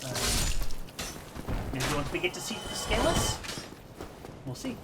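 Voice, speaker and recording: A woman's voice: fairly low pitch, sing-song, unhurried, loud music behind the voice. A woman streamer giving rambling, self-deprecating commentary while she plays a game, laughing often. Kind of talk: casual let's-play commentary.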